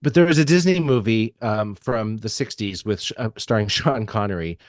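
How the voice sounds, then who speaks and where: A man's voice: fairly low pitch, moderate pace, no echo, clean studio sound. A man co-hosting a casual chat, talking in a hesitant way with many ums and restarts. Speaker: podcast co-host.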